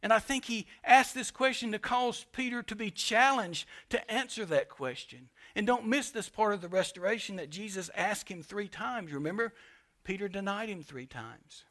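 A man preaching a sermon as pastor to his congregation, emphatic, with sharp swings between loud and quiet delivery. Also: high-pitched, normal speed. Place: church sanctuary.

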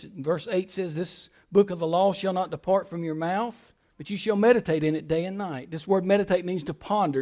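Guy preaching a sermon, pretty high voice, goes big then drops real soft, stumbles and restarts sometimes. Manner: preaching with big swings between loud and soft; repeats phrases for emphasis, some stammered restarts. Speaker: pastor.

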